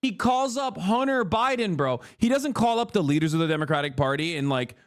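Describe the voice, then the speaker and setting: A man's voice: high voice, expressive, brisk. A man in his thirties streaming reaction commentary, mocking and sarcastic, often exasperated and profane.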